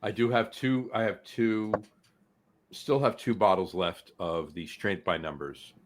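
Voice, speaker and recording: A man's voice: on the low side, fairly even intonation, a little slow, noisy background. Easygoing male podcast co-host. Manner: easygoing, telling anecdotes with restarts. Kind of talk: casual podcast chat.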